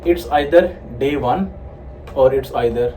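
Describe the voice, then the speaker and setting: A man's voice: medium pitch, a little slow, warm tone. A man, a vlogger and personal trainer, chatting casually, teasing and laughing, calling his friend bro. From India. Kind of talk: casual vlog chat. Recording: far from mic, faint background noise.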